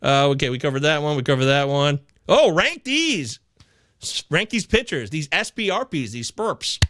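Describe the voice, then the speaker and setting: A man hosting a live fantasy baseball chat show, reading viewer comments aloud with excitable, casually profane banter. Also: fairly high pitch, normal speed, dry recording, studio quality. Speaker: fantasy baseball podcast host.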